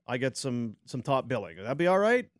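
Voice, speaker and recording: This is a man doing an overlooked star athlete who sounds put out and sarcastic about not getting his due. His voice swings widely in pitch. The sound is dry and close. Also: very animated, a little fast, no room sound, natural voice. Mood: aggrieved. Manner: mock-plaintive, sarcastic. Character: overlooked star male athlete asking for credit.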